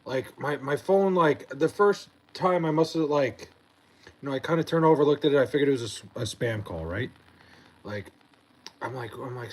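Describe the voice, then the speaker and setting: A man's voice: medium pitch, expressive, moderate pace, breathy edge, rough recording. A tired young man livestreaming from his bedroom late at night, swearing and rambling about something that annoyed him. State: tired, just woken up.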